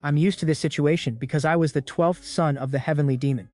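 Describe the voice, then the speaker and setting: A proud young nobleman, as a man reading a story puts him on, speaks calmly and dismissively. His voice sits fairly high. The recording is dry and close. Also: fast, no echo, lightly acted. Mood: cool, dismissive.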